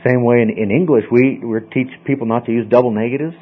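A man's voice: medium pitch, quick pace. A man teaching a Bible study class in a casual, rambling way, often repeating and restarting words. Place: small class room, group in a circle. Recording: dull lo-fi classroom recording.

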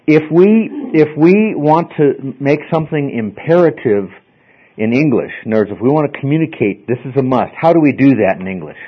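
A man's voice: mid-range voice, lively intonation, brisk, husky. A man teaching a classroom lecture, explaining step by step and often asking "okay?" to check in with his students. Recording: slightly dull lo-fi recording.

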